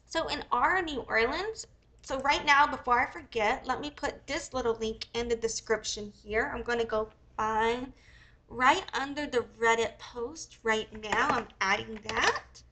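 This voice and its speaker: A young American woman with a high voice talks through a casual livestream. Her tone is bright and sharp, and she curses freely as she wanders through her thoughts, a little under the weather. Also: unhurried. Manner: profane, rambling, thinks aloud. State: a bit sick. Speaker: livestream host.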